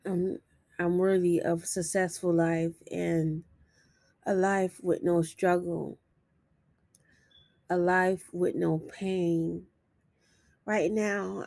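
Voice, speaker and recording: A woman talking to camera in an earnest, self-encouraging and sometimes halting way in a personal confessional vlog. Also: lowish voice, flat delivery, gravelly, dark tone, no echo. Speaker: vlogger.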